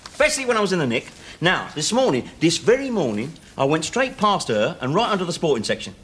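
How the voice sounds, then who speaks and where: A man's voice: on the high side, big pitch swings, fast talker, a bit bright, a little hiss or hum. An actor playing a wisecracking ex-convict father, teasing and sardonic, on old TV sitcom audio. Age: 40s. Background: studio audience laughter.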